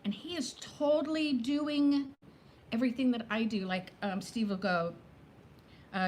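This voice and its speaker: A woman's voice: on the high side, steady tone, a little slow, slight background noise. Chatty woman in her fifties. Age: 50s. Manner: chatty, greets viewers by name, jumps between topics. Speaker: livestream host. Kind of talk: casual live chat with viewers.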